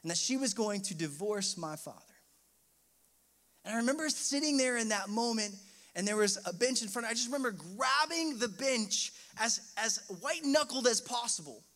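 A young man preaching to his congregation in a high, light voice. He tells a personal story in his sermon and climbs into impassioned, emotional outbursts before settling back down. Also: animated, moderate pace, sharp tone. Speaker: pastor.

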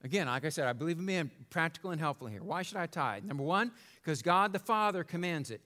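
A male pastor preaching a sermon in an animated, conversational way, joking and checking in with the congregation. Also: on the high side, fast talker.

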